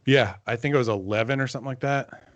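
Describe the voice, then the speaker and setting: A man in his forties, a composer guest on a podcast, talking in a relaxed, meandering way with many fillers. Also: medium pitch, fast, dry recording. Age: 40s. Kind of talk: casual interview chat.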